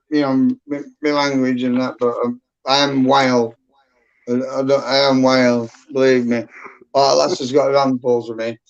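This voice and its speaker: Man, middle-aged, gravelly rough voice, rambling and blunt, muffled lo-fi stream audio. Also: mid-range voice. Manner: rambling, blunt, heavy swearing. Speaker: livestream guest. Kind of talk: casual chat.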